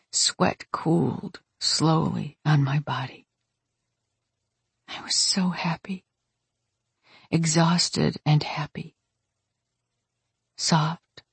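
A woman's voice: low-pitched, creaky, slightly rough, no room sound. A woman narrating a first-person audiobook in a wry, matter-of-fact way on a close studio mic.

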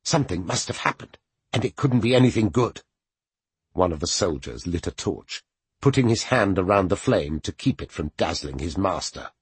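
A man narrating a fantasy audiobook with expressive storytelling. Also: deep voice, moderate pace, husky, no echo.

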